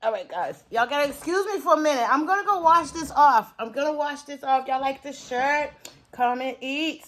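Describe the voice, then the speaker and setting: A woman with a high-pitched, animated, fairly bright voice talks at normal speed through a casual cooking and eating vlog. Working in her home kitchen, she chats straight to her viewers and keeps breaking off into muttered asides.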